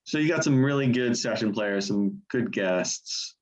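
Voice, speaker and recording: A man co-hosting a podcast, casually and enthusiastically explaining why he ranks an album highly. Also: a little slow, highs cut off. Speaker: podcast co-host. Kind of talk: casual music review chat.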